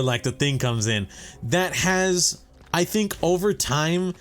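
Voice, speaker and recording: A young man hosting a gaming channel, chatting casually and profanely over gameplay, rambling and correcting himself as he goes. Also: on the high side.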